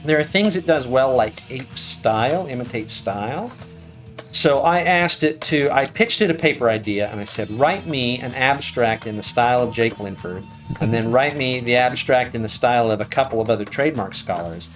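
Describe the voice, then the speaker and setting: A man's voice: medium pitch, expressive, normal speed, a bit bright, soft background music. A middle-aged man, a law professor guest, talking frankly and wryly in a casual interview. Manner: frank, wry, self-correcting.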